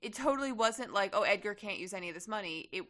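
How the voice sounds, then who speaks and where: Quick-paced, with lively intonation and a fairly bright mid-range voice, a young woman co-hosts a podcast in a casual chat. Her talk wanders, packed with filler words and occasional profanity.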